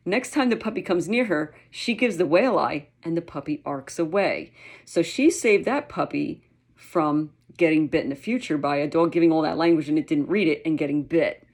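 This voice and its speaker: A woman's voice: sits low, normal speed, darkish tone. A woman dog trainer giving a casual, chatty lesson, with many fillers and the occasional playful dog sound. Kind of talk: casual instructional talk.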